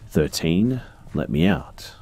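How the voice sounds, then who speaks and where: A man's voice: sits low, animated, measured pace, warm tone, breathy edge, full character voice. A man voicing a captive young woman who answers curtly and with hostility. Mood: pleading. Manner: curt and hostile.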